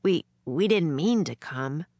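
A woman's voice: deep voice, animated, takes it slowly, darkish tone, no room sound, clean studio sound, exaggerated voice. A woman voicing a cautious, embarrassed young boy in a storybook reading, hesitant and earnest. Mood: sheepish.

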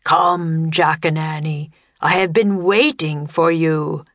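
A woman voicing a huge, gruff, one-eyed bearded wizard who speaks slowly and scornfully in a storybook reading. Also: fairly bright tone, dry recording, heavily acted. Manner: booming and slow.

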